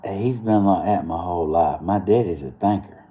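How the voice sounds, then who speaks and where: A young Georgia man hosting a live morning show speaks at a moderate pace in a low voice, and the audio sounds dull. He chats informally, telling a rambling story and laughing a lot along the way.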